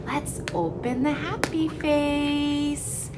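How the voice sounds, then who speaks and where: Background noise accompanies this woman's high-pitched, steady-toned, very slow speech. She leads a word practice session for young children as a speech therapist, encouraging them in an overdone sing-song with many gasps and carefully modeled words.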